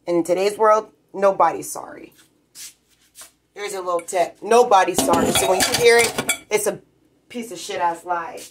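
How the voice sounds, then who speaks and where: A woman vents in a rambling, profane rant, talking bluntly to her viewers. Her voice sits at a middle pitch for a woman. A steady hiss of noise and scattered clicks run under the recording. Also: normal speed. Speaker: vlogger.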